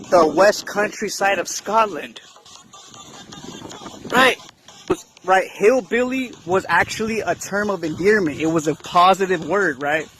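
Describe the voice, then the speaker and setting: Slow high-voiced man ranting, "right?". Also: fairly bright tone, a little hiss or hum, rough recording. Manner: repeats "right?" as a tag, mixes slang and cursing. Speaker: channel host. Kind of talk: casual commentary monologue.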